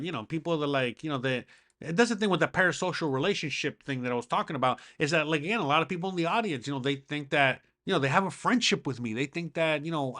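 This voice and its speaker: Rambling, profane man with a high-pitched voice. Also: fairly bright tone. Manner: rambling, profane, heavy on fillers. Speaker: podcast host. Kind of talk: casual monologue.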